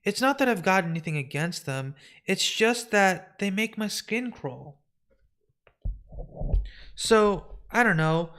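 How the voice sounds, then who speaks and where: A man's voice: high voice, lively intonation, slow, pauses often, bright, forceful tone, exaggerated voice. A man voicing a fretful pregnant woman. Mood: anxious. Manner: nervous, fretful chatter. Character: anxious pregnant woman in her thirties. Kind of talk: comic book read aloud live.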